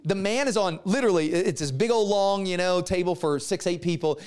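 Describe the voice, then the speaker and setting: High-voiced pastor telling a story. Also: male voice, fairly quick, clean tone. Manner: animated storyteller acting out dialogue. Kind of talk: storytelling sermon.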